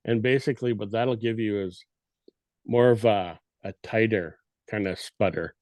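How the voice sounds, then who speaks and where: A man with a fairly low, slightly mellow voice speaks at a moderate pace as a guest elk-calling expert on a podcast. He casually explains elk cow calls, now and then imitating them with his voice. The recording is dry.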